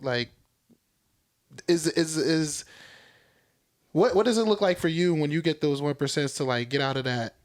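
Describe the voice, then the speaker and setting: A man hosting a podcast, asking a question haltingly with many restarts. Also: fairly high pitch. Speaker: podcast host. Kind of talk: casual interview talk.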